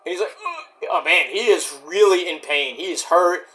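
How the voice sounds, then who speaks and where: A man talking loosely to camera as he reviews the shows, narrating the action and trailing off into asides and curses. His voice has a bright, forward edge, and his delivery is unscripted and chatty. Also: sits high, normal speed. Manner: rambling, profane, talks to himself about the action. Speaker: show reviewer. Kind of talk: casual running commentary while watching.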